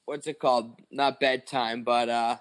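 A man's voice: medium pitch, little pitch movement, a little slow. A man in his twenties, a podcast co-host, telling a long story in casual chat, rambling with lots of "like" and swearing.

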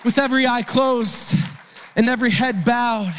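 Male preacher, high-pitched and fiery, sermon delivery with frequent shouts over soft music. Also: normal speed. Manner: impassioned, often shouting.

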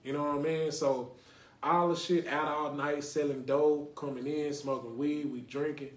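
A young adult man from Dallas, Texas, hosts a loose, casual podcast, rambling from thought to thought and checking in with "you know what I mean". His voice sits a little high for a man, and the room gives it a noticeable echo. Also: fairly even intonation, normal speed. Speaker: podcast host. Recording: roomy echo.

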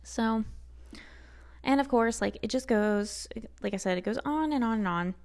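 A woman's voice: fairly high pitch, moderate pace, a little mellow. A woman hosting a solo podcast, talking heatedly and sarcastically and swearing freely. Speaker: podcast host.

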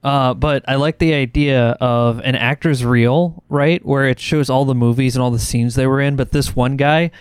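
Man, podcast co-host, casual rambling chat, crisp smooth voice, dry close mic. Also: medium pitch, moderate pace, few pauses, dry recording. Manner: rambling, animated storytelling with yelped sound effects.

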